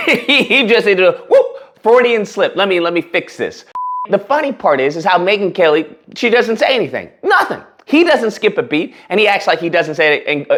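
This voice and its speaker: A man hosting a casual reaction commentary, talking in an animated, mocking way and breaking into laughter. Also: high-pitched. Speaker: commentary channel host.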